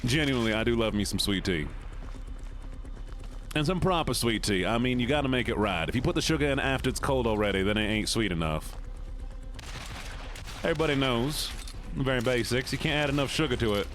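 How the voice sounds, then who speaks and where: A man's voice: mid-range voice, animated, brisk, long pauses, a bit bright, a little hiss or hum. Goofy streamer guy chatting while gaming, voice bouncing all over, slips into a folksy drawl. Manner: jokey, goofy, lapses into a put-on folksy drawl. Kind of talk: casual chat while gaming.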